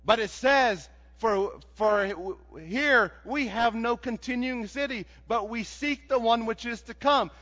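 A man preaching a sermon in a folksy, animated way, building to shouts. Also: extremely high pitch, takes it slowly, few pauses. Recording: dull sound with long hall reverb.

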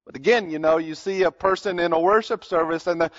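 A man preaching an expository sermon in an earnest teaching tone, often pausing on fillers and restarting his sentences. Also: on the high side, lo-fi sound.

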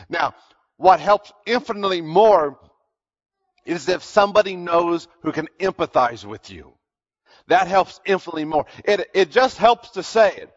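Guy in his 30s preaching, chatty but earnest, kinda muffled lo-fi sound. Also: a little high. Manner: earnest, conversational preaching, rising to emphatic peaks. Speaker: pastor. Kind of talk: sermon.

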